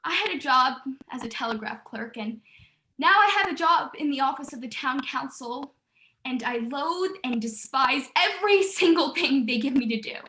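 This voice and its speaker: A young actress as an anguished young woman, bright and high. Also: lively intonation, normal speed, roomy sound, a little hiss or hum. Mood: despairing. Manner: anguished, repeating words in distress. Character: despairing young woman, weary of her life. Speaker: student actor. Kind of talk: stage drama monologue.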